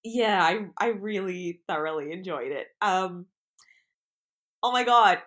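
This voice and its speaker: Blunt, animated woman co-host. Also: medium pitch, a little slow. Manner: blunt, animated, given to over-the-top jokes. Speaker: podcast co-host. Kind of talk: casual chat.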